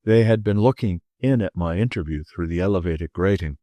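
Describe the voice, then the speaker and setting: This is an audiobook narrator, a man whose voice sits on the low side, reading a classic detective tale in the first person. He keeps a steady, measured delivery, and the sound is close and dry without any echo.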